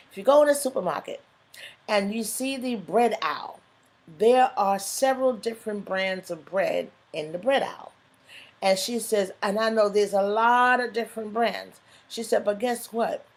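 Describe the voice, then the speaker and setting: Fervent woman hosting a live stream. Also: medium pitch. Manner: emotional, fervent, rises into exhortation. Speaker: online show host. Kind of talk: live stream talk, preacher-like testimony.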